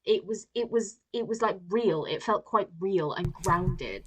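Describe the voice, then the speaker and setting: A woman's voice: mid-range voice, lively intonation, unhurried, crowd noise, rough recording. A woman hosting a podcast in casual chat, wry and dryly critical. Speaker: podcast host.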